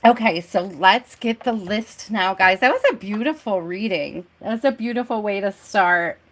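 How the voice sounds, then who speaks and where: A woman's voice: medium pitch, moderate pace, fairly bright tone. A woman hosting a live tarot stream who reads out card meanings, then chats loosely, laughs often and greets viewers by name. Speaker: tarot reader.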